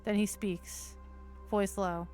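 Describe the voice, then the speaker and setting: At a slow pace and in a mid-range voice, a woman reads a visual novel aloud for her stream, with soft music in the background. Between passages she breaks her steady narration with casual, cursing asides.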